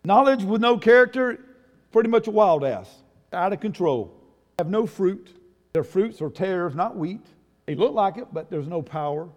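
High-voiced preacher in an echoing hall. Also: male voice. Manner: folksy preaching, calls on the congregation to answer, builds to loud emphatic peaks. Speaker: pastor. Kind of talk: sermon. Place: church. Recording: long reverb of a church hall.

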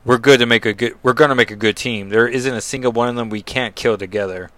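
A man's voice: medium pitch, steady tone, quick pace, fairly bright tone, no echo, lightly acted. A man putting on a British accent to voice a determined woman set on revenge, in a clipped manner. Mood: resolute. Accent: put-on British.

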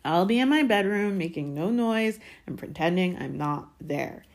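A woman's voice: lowish voice, moderate pace. A woman voicing a young boy who answers dully and tonelessly. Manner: toneless, flat. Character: dull, dutiful young wizard boy.

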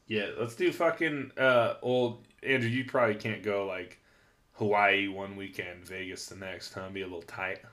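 A man's voice: fairly low pitch, fairly even intonation, moderate pace, a bit bright. A man hosting a casual podcast, laid-back and swearing freely as he tells stories. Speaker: podcast host. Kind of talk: casual chat.

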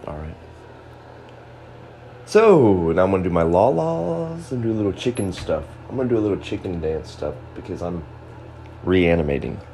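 A man's voice: sits low, lively intonation, normal speed, long pauses, warm tone. A man hosting his own podcast, rambling in a goofy, self-mocking solo monologue over a noisy background. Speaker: podcast host.

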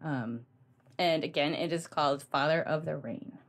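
A woman co-hosting a podcast, talking about books in a gushing, animated way with lots of ums. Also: sits low, moderate pace. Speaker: podcast co-host. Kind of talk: casual book chat.

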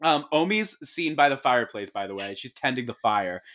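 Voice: mid-range voice, moderate pace. Host recapping a film with gusto. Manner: animated storytelling, lots of swearing, voices the characters. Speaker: podcast co-host. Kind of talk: casual chat, recapping a film.

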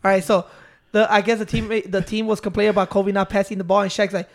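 A man's voice: sits high, flat delivery, quick pace. A young man in casual chat, telling a story in a rambling way and laughing as he goes.

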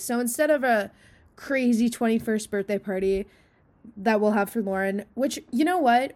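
A young woman with a fairly high voice chats loosely on a podcast. She rambles, laughs often and sounds a little tipsy. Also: a little mellow. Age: young adult. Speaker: podcast co-host. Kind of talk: casual chat.

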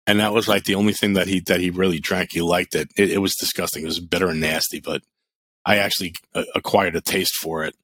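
A man's voice: low voice, fast, slight background noise. A middle-aged man chatting on a podcast, telling blunt, profane stories with lots of energy. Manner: animated storyteller, blunt and profane. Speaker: podcast co-host. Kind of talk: casual podcast chat.

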